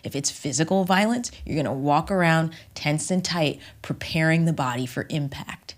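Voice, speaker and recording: Low-voiced woman, measured and emphatic. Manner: measured and emphatic, drops at times into a whisper. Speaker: voice teacher and author. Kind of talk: reflective podcast interview.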